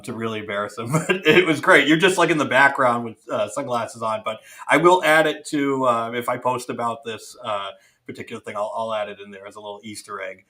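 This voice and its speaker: A man's voice: mid-range voice, sharp tone. A man hosting a podcast interview, asking friendly questions and teasing his guest a little. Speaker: podcast host. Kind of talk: casual interview.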